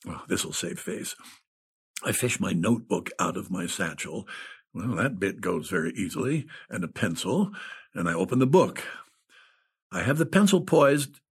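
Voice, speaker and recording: Husky, giggling stoned male storyteller. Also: low-pitched, animated, normal speed. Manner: giggly, stoned, keeps breaking into laughter. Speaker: storyteller in a one-man comic monologue. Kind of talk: first-person comic storytelling performance.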